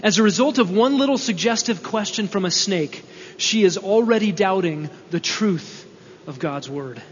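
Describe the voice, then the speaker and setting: Expressive and high, this man's voice moves at normal speed while he preaches an expository sermon in a church hall. He earnestly explains and asks rhetorical questions; the recording is dull, echoey, and carries a faint hum.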